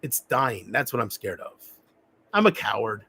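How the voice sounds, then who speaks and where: A man talking alone on a livestream, rambling and reflective, often halting and restarting his sentences. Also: fairly low pitch, big pitch swings, vocal fry, sharp tone, breathy edge. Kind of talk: rambling solo livestream talk.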